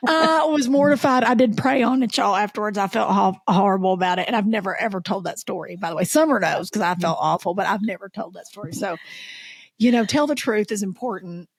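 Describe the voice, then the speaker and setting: A woman, co-hosting a podcast and telling lively stories in casual chat. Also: mid-range voice, fairly quick. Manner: animated storyteller, acts out voices. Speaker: podcast co-host.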